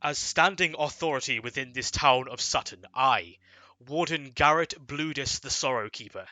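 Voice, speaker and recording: A man's voice: medium pitch, moderate pace, pushed and bright, dry recording, voice pushed up. A man playing a stern town warden. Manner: formal, solemn pronouncements. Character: stern older male town warden, grave.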